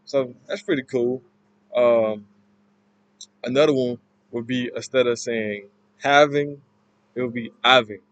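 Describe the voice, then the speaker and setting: A man giving an informal class presentation, explaining in a halting, loosely worded way. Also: medium pitch, dull audio. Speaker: student presenter.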